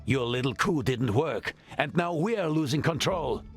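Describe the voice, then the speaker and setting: A man's voice: fairly high pitch, expressive, a little slow, faint music behind. An actor playing a stern male general who coldly threatens a rival officer in a game cutscene. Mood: menacing. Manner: cold, threatening. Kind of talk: video game cutscene acting.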